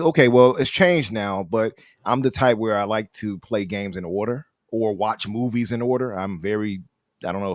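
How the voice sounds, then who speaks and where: A man's voice: on the low side, dry recording. Opinionated man on a podcast, dry sound. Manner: opinionated, animated, frequent restarts. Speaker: podcast host. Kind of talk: casual podcast chat.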